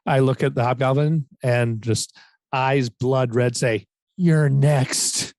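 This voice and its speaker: A man playing a tabletop game, reading out rules step by step in a deliberate way. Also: medium pitch, fairly even intonation, darkish tone, dry recording. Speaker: player.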